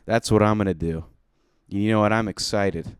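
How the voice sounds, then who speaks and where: A man's voice: lowish voice, fairly even intonation, normal speed, clear, resonant tone, no echo, studio quality. A young man doing a solo comedy podcast from home, rambling, self-deprecating and swearing casually.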